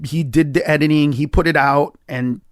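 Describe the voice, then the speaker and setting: This comedian, a man guesting on a podcast, swears his way emphatically through a story, his pitch leaping suddenly whenever he acts out quoted lines. His tone is steady, clear and resonant at a normal speed, captured in clean studio sound with no room noise.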